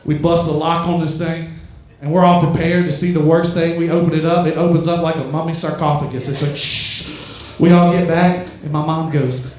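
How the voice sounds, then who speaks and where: A young adult man from Louisiana doing a stand-up set on a club stage, storytelling with lots of swearing and loud, high punchlines. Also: flat delivery, a little fast, few pauses. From Louisiana, USA. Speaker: stand-up comedian. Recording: very echoey club room.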